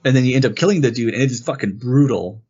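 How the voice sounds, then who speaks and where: Heard through lo-fi sound, a husky man with a medium-pitched voice talks fast. He co-hosts a casual game review podcast, wandering through the story and animatedly voicing the quoted dialogue.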